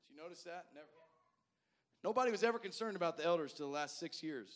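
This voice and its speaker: A male pastor tells folksy stories during his sermon, speaking straight to the congregation and repeating words as he swings from loud to soft. His voice is fairly high, fast, and lively in intonation.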